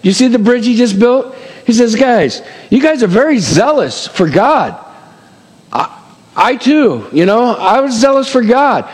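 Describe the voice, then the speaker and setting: Preaching a chatty, folksy sermon full of fillers and side remarks, a middle-aged man with a fairly high, slightly rough voice keeps a measured pace while his pitch swings widely. His speech echoes with the long reverb of a big hall.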